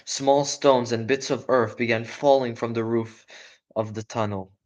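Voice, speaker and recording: A man reading a children's book aloud live, in a voice of ordinary pitch. He breaks off now and then for casual, chatty asides and corrects his own slips as he goes. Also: fairly even intonation, a little slow, dull audio. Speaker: storyteller.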